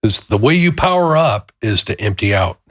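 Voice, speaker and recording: A man co-hosting a faith-based podcast about fatherhood, telling stories in a casual, animated way. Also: on the low side, normal speed, dry recording, clean studio sound. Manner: animated storyteller, acts out quotes loudly. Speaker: podcast co-host. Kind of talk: casual chat with storytelling.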